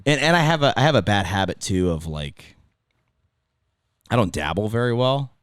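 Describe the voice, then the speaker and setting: A man's voice: lowish voice, expressive, normal speed, clean tone, no room sound, studio quality. A middle-aged man with a Californian accent, a former radio host telling stories in a casual podcast chat, rambling and restarting his sentences. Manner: rambling, self-interrupting storyteller.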